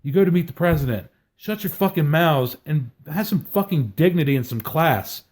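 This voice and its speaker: A man's voice: on the high side, lively intonation, normal speed, a little mellow. A man co-hosting a talk show, launching into angry, profane political rants. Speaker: podcast co-host.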